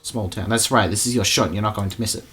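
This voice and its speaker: A man's voice: fairly low pitch, quick pace, a bit bright, soft background music. A man playfully reading a game's story aloud and joking about it. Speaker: let's player. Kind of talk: playful game narration.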